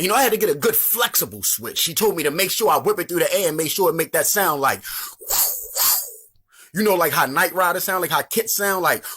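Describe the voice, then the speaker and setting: A man with a Baltimore accent spins comic stories in a loose, profane monologue. His voice sits a little high and jumps all over the place as he talks. He keeps the delivery animated from start to finish. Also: breathy edge. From Baltimore, Maryland. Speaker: comedian. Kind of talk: comedic storytelling monologue.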